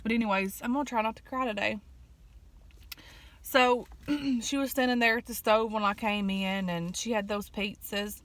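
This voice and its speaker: Woman vlogger, casual eat-with-me chat, folksy storyteller, slightly raised pitch. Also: normal speed, fairly bright tone. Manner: folksy storytelling with fillers and throat clearing.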